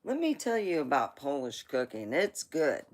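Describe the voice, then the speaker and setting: A woman's voice: deep voice, big pitch swings, normal speed, darkish tone. A woman hosting a livestream, telling rambling family stories in a chatty way with asides. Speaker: livestream host. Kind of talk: casual storytelling.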